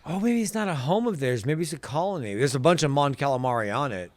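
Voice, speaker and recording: A man co-hosting a podcast, joking and riffing with quick put-on voices in casual chat. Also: fairly high pitch, expressive, dry recording. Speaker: podcast co-host.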